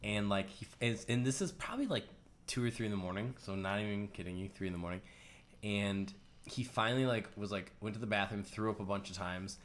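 A man co-hosting a podcast, telling a long story in a rambling, casual way, full of "like" and quick laughs. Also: on the low side, a bit bright. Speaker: podcast co-host.

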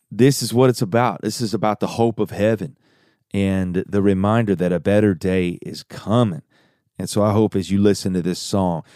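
A man's voice: sits low, warm tone, dry recording, clean studio sound. A man hosting a podcast, answering a listener's message in an earnest, upbeat and reflective way. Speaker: podcast host and songwriter. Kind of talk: casual podcast talk.

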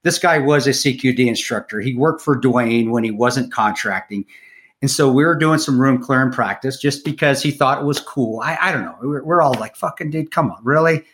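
A man's voice: medium pitch, normal speed, fairly bright tone. Blunt, profane middle-aged man telling a war story. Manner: profane, blunt, full of restarts. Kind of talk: casual storytelling.

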